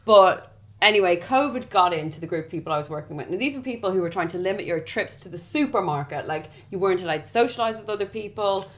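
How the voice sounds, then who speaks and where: A woman's voice: mid-range voice, animated, fast talker. Blunt, defiant woman in casual chat. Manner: blunt and defiant, swears freely. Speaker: podcast co-host.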